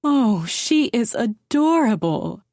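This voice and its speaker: A woman voicing a doting, genteel grandmother who coos and speaks gently but firmly, in an audiobook. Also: medium pitch, expressive, measured pace, no echo, studio quality. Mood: cooing. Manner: cooing, gently firm. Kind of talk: audiobook character voice.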